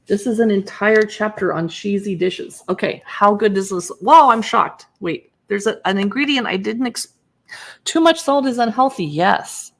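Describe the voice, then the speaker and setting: A woman's voice: mid-range voice, normal speed. A woman who blogs about cookbooks, chatting casually on a live stream as she pages through recipes and answers viewers in chat.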